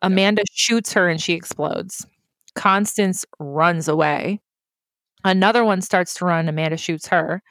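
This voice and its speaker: A woman co-hosting a casual movie recap chat, animated and quick to laugh, swearing freely. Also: on the low side, dry recording, clean studio sound. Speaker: podcast co-host.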